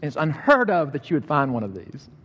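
A middle-aged man preaching a sermon, conversational and animated as he tells a story. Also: fairly high pitch, brisk, breathy edge. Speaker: pastor. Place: church sanctuary. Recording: long reverb of a large hall.

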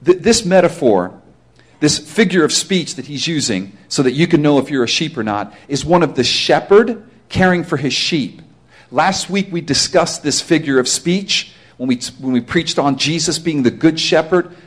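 A man's voice: on the high side, lively intonation, moderate pace. A pastor preaching a sermon to his congregation, driving points home with emphatic rhetorical questions.

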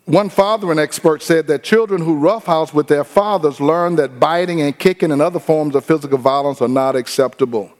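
Male pastor, animated and funny, acts out other people's voices, pitched a bit high. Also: fairly quick, few pauses. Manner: lively preaching with humor and mimicked voices. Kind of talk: sermon.

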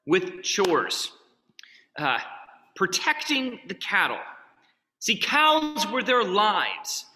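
A man's voice: sits high, bright, forceful tone. A man preaching a sermon as pastor, telling stories in a conversational way with asides. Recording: long reverb of a large hall.

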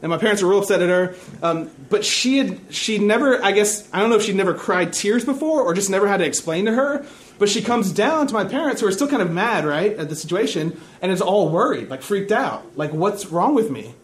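A young man with a high-pitched voice delivers a sermon in a relaxed, chatty way. He keeps checking in with the room and drops dry, self-mocking jokes as he goes. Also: fairly quick. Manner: casual, chatty, checks in with "right?" and "okay?". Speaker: preacher. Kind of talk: conversational sermon.

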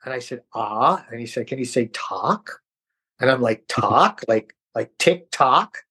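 A middle-aged New Yorker who acts tells stories as a guest in a casual interview, animatedly performing the voices of the people he quotes. His mid-range voice is slightly rough and fairly quick.

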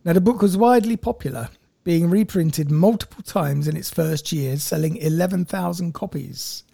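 A man with a warm, relaxed tone and a gravelly edge tells a story to his co-host. He reads from notes and slips in wry jokes. His voice sits a little high for a man. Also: normal speed, no room sound. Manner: wry, jokey narration read from notes. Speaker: podcast co-host telling the story. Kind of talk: casual storytelling chat.

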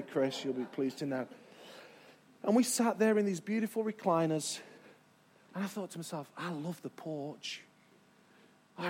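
A man preaching a sermon to a live congregation, emphatic and stretching key words as he draws in the crowd. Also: on the high side. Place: church before a live congregation.

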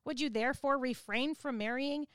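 A woman's voice: high voice, normal speed, a bit bright, smooth, dry recording, clean studio sound. A woman voicing a bitter, grieving older widow who pleads emphatically with her daughters-in-law. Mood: pleading.

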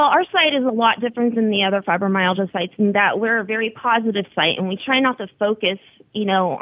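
A woman's voice: medium pitch, dry recording. A woman being interviewed over the phone, speaking earnestly and encouragingly about her own experience. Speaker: guest, wellness site founder. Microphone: telephone. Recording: tinny phone line.

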